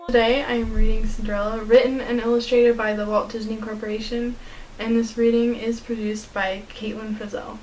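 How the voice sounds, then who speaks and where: A teenage young woman reading a children's storybook aloud in a steady, clear narrating voice. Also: on the high side, normal speed, faint music behind, low-quality recording. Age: teens. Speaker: student reader.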